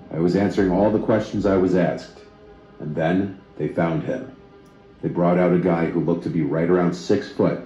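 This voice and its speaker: Man narrating a horror story, very deep mellow voice, steady reading, roomy slightly dull sound, faint music.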